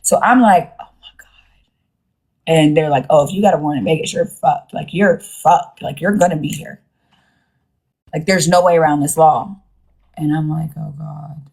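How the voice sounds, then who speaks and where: A woman's voice: sits low, normal speed, darkish tone, husky. A young woman casually telling a rambling story to her live-stream viewers from her phone, slangy and acting out what others said. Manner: chatty and rambling, slangy, acts out quoted voices.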